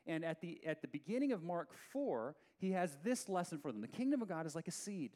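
Male pastor, slightly higher voice, conversational and animated sermon delivery. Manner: opens in a soft, slow prayer.

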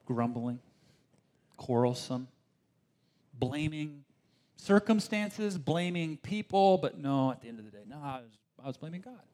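A man delivers a sermon in a fairly high voice. He talks in a lively, conversational way, stumbling over restarts as he works through his point. He sometimes slips into mock complaining tones. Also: a little slow, long pauses. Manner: animated, acts out complaining voices, frequent restarts. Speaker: pastor.

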